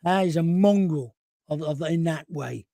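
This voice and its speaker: A man's voice: fairly high pitch, measured pace, creaky, warm tone, no room sound. A man hosting an opinionated talk show, ranting sarcastically and reading out viewer messages. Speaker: show host.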